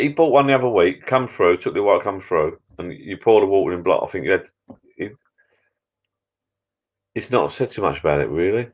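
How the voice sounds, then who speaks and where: Bloke, very low voice, rambling live-stream host, dull lo-fi sound. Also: male voice. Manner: rambling, chatty, self-interrupting, grumbling. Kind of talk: casual chat with viewers. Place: backyard pub shed.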